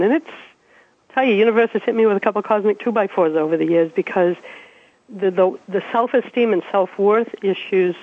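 A woman in her fifties from Massachusetts, a guest telling her life story in an animated, chatty way and laughing as she goes. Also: mid-range voice, a little fast, dry recording. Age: 50s. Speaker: interview guest. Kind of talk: casual storytelling. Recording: dry, tinny phone-like radio sound.

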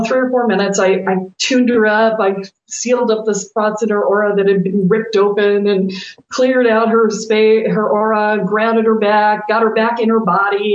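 A middle-aged woman co-hosting a talk show, telling stories in a lively, laughing way and acting out her own past outbursts. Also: mid-range voice, reverberant, lo-fi sound. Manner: animated, laughing, quotes herself with swearing. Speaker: spiritual coach and podcast co-host. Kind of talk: casual storytelling chat.

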